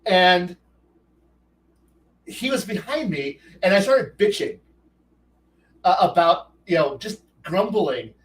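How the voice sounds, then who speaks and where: Casual male streamer, high voice, rambling storyteller, mic a bit distant. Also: takes it slowly, pauses often. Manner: rambling, frequent restarts, animated quoted dialogue. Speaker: streamer host.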